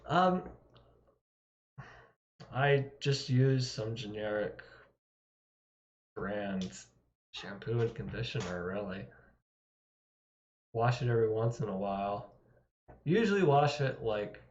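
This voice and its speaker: Male streamer, slow and rambling, self-mocking, laughs a lot; roomy, muffled home stream audio. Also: on the low side. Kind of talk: casual live-stream chat. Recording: roomy, dull lo-fi sound.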